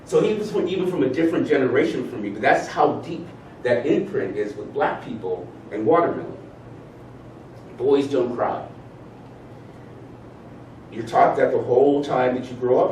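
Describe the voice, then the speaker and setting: A man giving a motivational talk, animated as he leads his audience in spoken exercises. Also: medium pitch, moderate pace, pauses often. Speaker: speaker leading a talk. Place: event room with audience. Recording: roomy sound from far off, faint noise.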